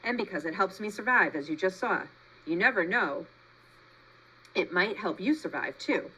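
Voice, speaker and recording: A woman's voice: moderate pace, husky, low-quality recording. A woman voicing a chatty, dramatic female possum who loves to perform, in a storybook read-aloud. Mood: theatrical. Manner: gushing, showy, high and lively.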